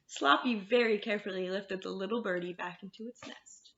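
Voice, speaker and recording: A woman librarian reads picture books aloud to children, speaking to them in a warm, sing-song way. Her mid-range voice is brisk and creaky, with hardly any pauses. The recording sounds roomy and slightly dull.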